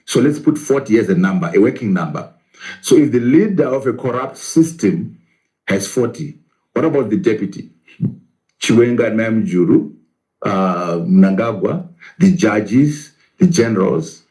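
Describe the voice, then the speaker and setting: A man's voice: fairly low pitch, expressive, a little slow, dark tone, poor audio. A man, a professor, arguing in a political interview, asking rhetorical questions and answering them himself.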